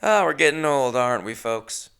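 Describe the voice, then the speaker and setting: A man's voice: mid-range voice, lively intonation, normal speed, creaky, fairly bright tone, smooth. A man hosting a solo podcast, rambling casually with chatty, self-mocking asides. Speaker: podcast host.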